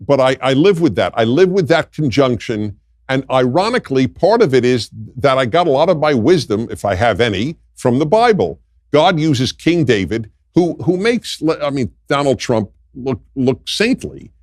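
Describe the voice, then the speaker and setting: A man's voice: medium pitch, no echo, studio quality. An older man, a guest in a political discussion, speaking emphatically and repeating his points for weight. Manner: emphatic, repetitive.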